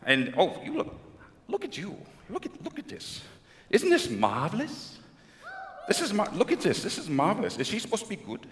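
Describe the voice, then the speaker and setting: A man playing a suave aging Latin film star with a put-on Spanish accent, gushing flattery at a convention crowd. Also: high-pitched, normal speed, slight background noise, full character voice. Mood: fawning. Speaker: convention guest performer. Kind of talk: live comedy impression on stage. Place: large convention hall. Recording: echoey hall with crowd.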